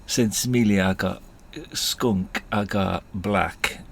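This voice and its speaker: A man voicing a laid-back male street dealer in a put-on Jamaican accent, drawling and relaxed. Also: deep voice, slow pace, creaky, slight background noise, full character voice.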